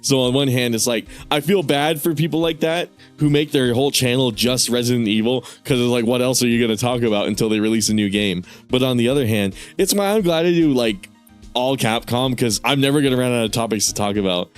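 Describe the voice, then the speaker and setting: A man's voice: mid-range voice, brisk, smooth, soft background music. A man streaming a game, rambling casually, swearing and laughing often. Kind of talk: casual gaming stream commentary.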